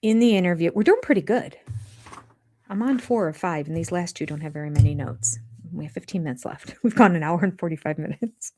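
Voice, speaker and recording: An older woman chats live with her viewers, her voice sitting a little low. She rambles casually, restarting her sentences and slipping into quoted asides as she goes. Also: brisk, a little mellow. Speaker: livestream host of a reality TV recap channel.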